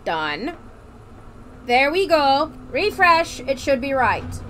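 Slow-talking playful woman game streamer. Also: high voice. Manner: playful, swears, slips into mock pirate talk. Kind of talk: casual let's-play commentary. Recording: streaming mic with steady noise.

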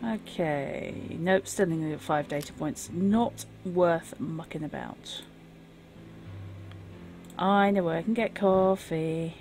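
A woman's voice: fairly low pitch, slow, darkish tone, slight background noise. A woman streaming a game, chatting casually and wryly over the gameplay. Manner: wry and chatty. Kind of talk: casual live game commentary.

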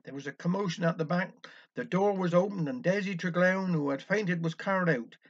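A man's voice: high-pitched, brisk. A man with a Cornish accent telling a wry village dialect story. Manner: wry, anecdotal. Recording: dull lo-fi recording.

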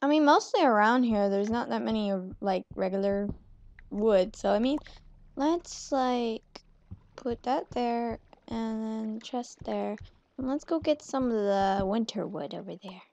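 Her voice is a little high and slightly mellow, and she takes her time. This young channel host rambles through laid-back gameplay commentary, cursing plenty and joking at her own expense, captured in muffled lo-fi home audio.

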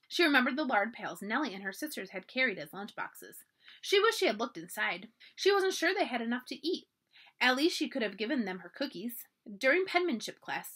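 Her voice sits a little high with a slight roughness as she performs a children's chapter book for a library storytime. The reading is lively and expressive, full of animation.

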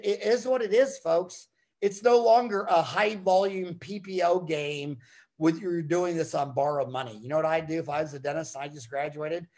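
A middle-aged American dentist giving an animated, emphatic talk, telling stories with sudden swings in loudness. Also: male voice, high-pitched. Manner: emphatic, storytelling, quick shifts in loudness. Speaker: dentist and podcast host.

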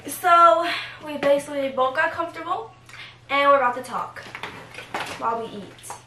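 A woman's voice: high voice, moderate pace, bright, forceful tone. A young woman vlogger telling a story in a casual, rambling way, giggling and using fillers. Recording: echoey room, camera at a distance, faint noise.

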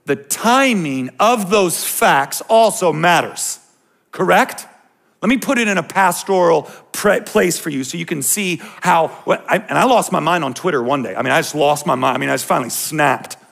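Gravelly-voiced guy preaching to youth, fired up and ranting, cracks jokes at the crowd, voice sits a bit high. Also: lively intonation, moderate pace, a bit bright. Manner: impassioned, ranting and joking with the crowd. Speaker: youth pastor. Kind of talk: sermon.

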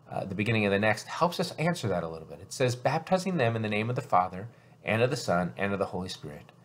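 A man's voice: medium pitch, husky. A man, a pastor, preaching a sermon in an earnest teaching manner and asking his listeners rhetorical questions.

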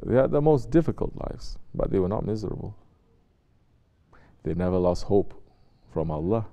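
A man preaching to his congregation in a relaxed, conversational way. His voice sits fairly low with a dark, mellow tone. He keeps asking his listeners pointed rhetorical questions. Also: normal speed, creaky. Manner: conversational, asks rhetorical questions and acts out quotes. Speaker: Sufi sheikh. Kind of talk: spiritual sermon to a congregation.

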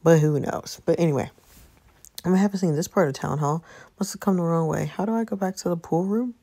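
A woman streamer talks through a story game in a relaxed, conversational way. Her voice sits a little low for a woman, and she reacts aloud as she goes. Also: brisk. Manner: chatty, reacts aloud, mixes in story dialogue. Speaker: gameplay streamer. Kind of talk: casual let's-play commentary, reading characters aloud.

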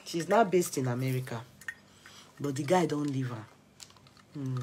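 A young Nigerian woman with an accent, excitedly recounting gossip on her vlog and switching between Pidgin and Yoruba. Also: very deep voice, moderate pace, slight background noise. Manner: excitable, mixing Pidgin and Yoruba, laughing asides. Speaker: gossip vlogger. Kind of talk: animated gossip commentary.

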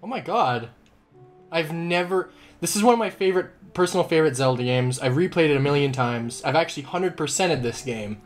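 A man's voice: fairly high pitch, lively intonation, fairly quick, faint music behind. A young man casually commentating his gameplay, joking, swearing and laughing often. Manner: profane, giggly, joking. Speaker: let's play host.

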